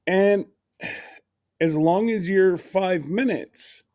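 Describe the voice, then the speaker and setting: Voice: mid-range voice, extremely slow, darkish tone. A livestream host chatting casually, rambling and laughing often while greeting viewers by name.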